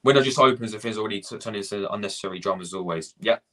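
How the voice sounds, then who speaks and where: A young man hosts a fan channel live stream, ranting, swearing and repeating himself as he greets viewers from the chat. His voice is lowish and fairly bright in tone, and he talks rapid-fire.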